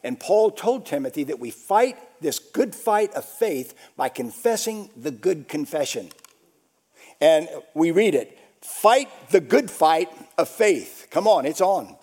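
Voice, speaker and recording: A male pastor preaching a sermon, repeating phrases for emphasis and swinging between shouts and hushed whispers. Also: fairly high pitch, big pitch swings, a little slow.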